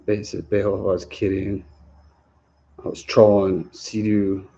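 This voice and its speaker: A man's voice: on the low side, little pitch movement, a little slow, warm tone, muffled recording. A man chatting casually on a livestream Q&A, rambling, chuckling often and restarting his sentences. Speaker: livestream host answering viewer questions.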